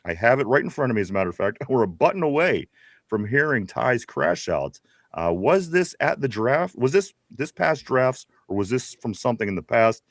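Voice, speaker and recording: A man's voice: mid-range voice, sing-song, moderate pace, dry recording, clean studio sound. A man with a Pittsburgh accent co-hosting a casual live sports show, laughing and rambling as he reads out viewer messages. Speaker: podcast co-host. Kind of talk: casual live-stream chat.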